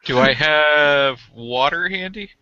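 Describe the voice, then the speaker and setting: A man's voice: a little high, takes it slowly, sharp tone. A man joking around as a player in a tabletop game. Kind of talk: tabletop role-play banter. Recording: dull lo-fi sound.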